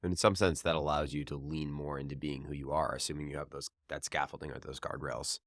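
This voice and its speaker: A man with an extremely deep voice hosts a podcast interview, asking reflective questions at a measured pace. The recording is dry and close. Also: level tone, a bit bright, dry recording. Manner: thoughtful, probing questions with hedges. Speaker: podcast host.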